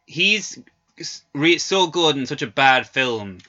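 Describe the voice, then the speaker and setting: Animated, foul-mouthed male storyteller. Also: on the high side, slow pace, lo-fi sound. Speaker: podcast co-host. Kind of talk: casual film-review chat.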